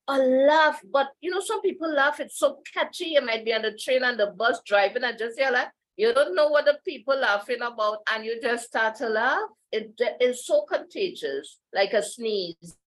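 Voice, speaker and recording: A woman's voice: medium pitch, rough recording. A woman, a podcast guest chatting casually in a meandering way and laughing often. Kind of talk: casual interview chat.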